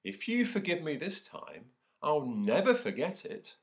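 A squeaky little storybook mouse, put on by a man, small and polite but brave. The voice is raised high and a touch thin. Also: wildly swooping pitch, measured pace, exaggerated voice. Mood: earnest. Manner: squeaky, pleading.

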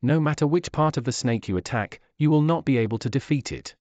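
A man voicing a stern orc war chief who speaks low and measured. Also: a little mellow, no room sound, natural voice.

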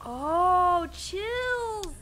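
A woman streaming a horror game, chatting excitably and giggling with her viewers. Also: extremely high pitch, extremely slow, slight background noise. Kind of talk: casual gameplay commentary.

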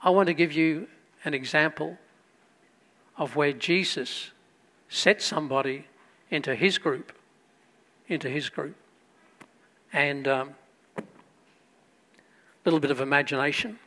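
A man preaching a sermon as pastor, storytelling with loud emphatic bursts and quiet asides. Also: on the high side, unhurried, pauses often.

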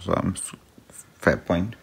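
A deep, slightly husky voice from a cross-stitch vlogger chatting casually to viewers. The talk wanders, full of ums and small laughs, as questions get answered one by one. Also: expressive, slow. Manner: rambling and chatty, with frequent ums and little laughs; talks to a pet between answers. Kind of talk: casual chat.

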